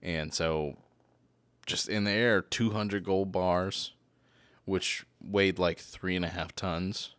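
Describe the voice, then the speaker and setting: A man's voice: sits low, fairly even intonation, slow, a bit bright, smooth, no room sound. A man co-hosting a podcast, chatting casually and crudely, joking and laughing often. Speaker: podcast co-host.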